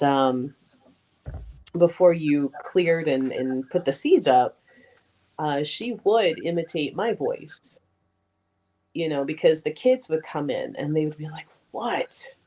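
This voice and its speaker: Woman co-host, deep voice, relaxed reader of viewer questions. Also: low-quality recording. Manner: reads questions aloud, relaxed with soft fillers. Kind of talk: casual chat.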